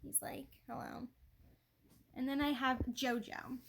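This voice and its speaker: A woman's voice: sits high, normal speed, fairly bright tone, slight background noise. A woman chatting on a livestream from her home, rambling with lots of likes and ums and greeting viewers by name. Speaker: livestream host. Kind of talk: casual livestream chat.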